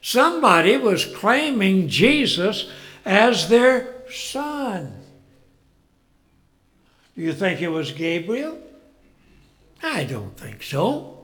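A man preaching a folksy Bible sermon, telling the story with rhetorical questions and chuckles, and swelling loud on key phrases. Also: high voice, very animated, extremely slow, long pauses.

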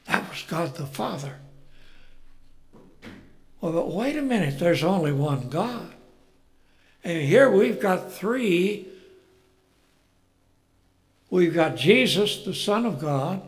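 A man preaching a folksy Bible sermon, telling the story with rhetorical questions and chuckles, and swelling loud on key phrases. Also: high voice, very animated, takes it slowly, long pauses, soft background music.

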